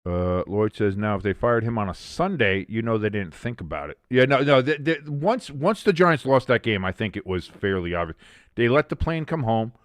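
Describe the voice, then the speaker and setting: A man's voice: on the low side, animated, moderate pace, no echo. A man hosting a sports watch-along stream, chatting casually with chat and calling the plays in a rambling way with many restarts.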